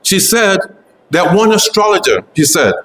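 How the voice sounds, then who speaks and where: A man's voice: high-pitched, sing-song, normal speed, a bit bright, reverberant, poor audio. A man giving an earnest devotional memorial talk, fervent and repetitive, often restarting his phrases. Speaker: devotional speaker.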